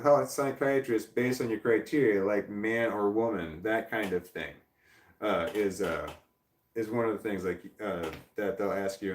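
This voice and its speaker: A man's voice: fairly low pitch, reverberant, recorded from a distance, slight background noise. A man hosting a casual livestream from a chair indoors, rambling and self-deprecating as he answers chat. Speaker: livestream host. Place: indoor room, seated in a creaky chair.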